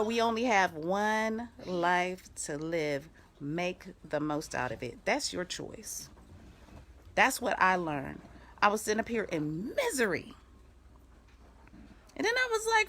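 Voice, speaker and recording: A middle-aged woman life coach giving an animated, storytelling motivational talk on a live video. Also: medium pitch. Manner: animated storytelling with quick bursts of laughter; breaks off to give firm commands.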